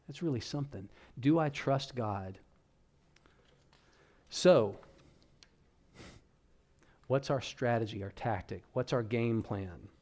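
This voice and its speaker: A man's voice: mid-range voice, slow pace, long pauses, darkish tone. A man speaking to parents at a church workshop, talking to the audience in a conversational, direct way. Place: church hall.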